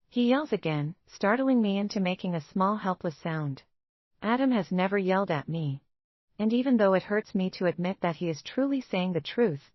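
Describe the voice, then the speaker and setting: A woman reading a first-person romance novel aloud in a measured, even way. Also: lowish voice, no room sound, muffled recording. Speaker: audiobook narrator.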